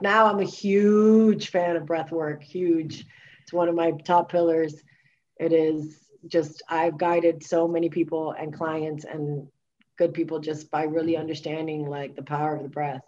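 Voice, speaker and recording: A woman's voice: low-pitched, darkish tone, dull audio. A woman guest, a wellness coach, telling her personal story candidly in conversation, emphatic and full of filler words and restarts.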